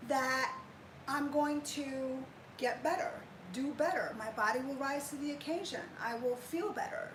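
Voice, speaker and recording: A woman's voice: high-pitched, reverberant, a little hiss or hum, rough recording. A woman in her fifties chatting animatedly on a live fitness stream, greeting viewers by name. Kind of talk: casual live chat to viewers.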